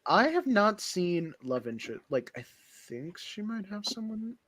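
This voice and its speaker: A man's voice: high voice, big pitch swings, unhurried, a bit bright, dry recording. A man chatting casually on a podcast as co-host, rambling with frequent laughs and acted-out quotes. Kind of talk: casual chat.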